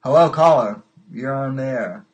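A man hosting a casual livestreamed call-in podcast, talking in a halting way and repeating his words. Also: mid-range voice, highs cut off. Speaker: podcast host.

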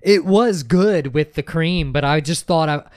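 A young man, co-hosting a podcast and telling a story in a casual, animated way, swearing and mocking himself. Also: fairly high pitch, a little slow, dry recording, clean studio sound. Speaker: podcast co-host. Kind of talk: casual chat.

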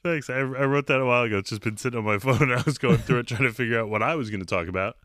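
A man's voice: medium pitch, very fast, a bit bright, no echo, clean studio sound. A man co-hosting a casual podcast, easygoing and chuckling between lines. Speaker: podcast co-host. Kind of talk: casual chat among friends.

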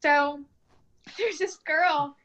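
A woman chatting casually as a podcast co-host, telling animated stories, acting out the voices of people she quotes and laughing often. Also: high voice, drawn-out words, dull audio. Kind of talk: casual chat, storytelling.

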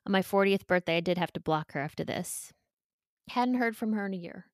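A woman's voice: medium pitch, dry recording. Brief: emotional, candid woman in her forties, interview guest, dry close sound. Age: 40s. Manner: emotional and candid, with pauses and restarts. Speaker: podcast guest.

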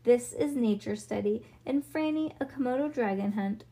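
A woman's voice: on the high side, normal speed, dark tone, husky. A woman voicing a giggly, playful young girl while reading a storybook aloud.

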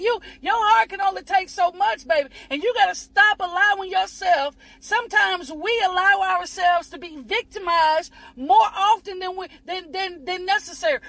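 A woman's voice: very high voice, normal speed, creaky, hardly any pauses, fairly bright tone, no room sound, rough recording. A woman giving a fervent preaching-style motivational talk, repeating herself and calling listeners honey and baby. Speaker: inspirational speaker.

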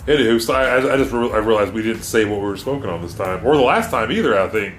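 A man's voice: lowish voice, animated, fast talker, background noise. A laid-back man co-hosting a podcast, chatting casually and swearing. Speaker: podcast co-host. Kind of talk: casual chat. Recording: echoey room with music behind.

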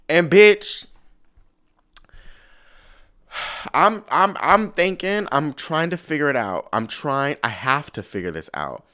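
This podcast host speaks in a somewhat high, expressive, bright voice with a forceful edge. His talk is sassy and gossipy, laced with casual swearing, drawn-out exclamations, and plenty of "girl" aimed at listeners.

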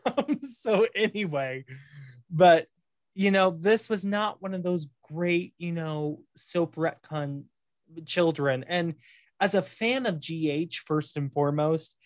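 A podcast co-host in casual chat, opinionated and animated, with many fillers like "you know" and "um". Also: medium pitch, unhurried, no echo.

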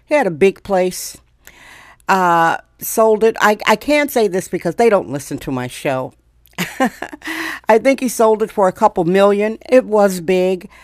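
A woman's voice: mid-range voice, lively intonation, unhurried, no echo. Middle-aged woman, podcast host, sardonic ranter, dry mic. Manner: sarcastic, ranting. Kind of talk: daily solo rant podcast.

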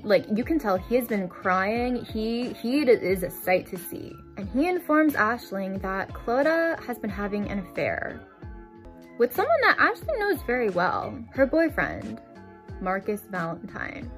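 A woman's voice: a little high, very animated, moderate pace, soft background music. A woman giving a casual, chatty storytime recap of a novel, filling her talk with "like". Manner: chatty, fills with "like". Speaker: book vlogger. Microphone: desk microphone.

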